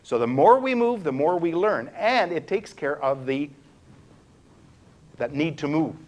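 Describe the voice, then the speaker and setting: A man presenting a workshop to a room of people, animated and demonstrative, swinging his pitch and pace to show different ways of talking. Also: a little slow, lo-fi sound. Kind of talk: live workshop talk to a room. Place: room with a live audience.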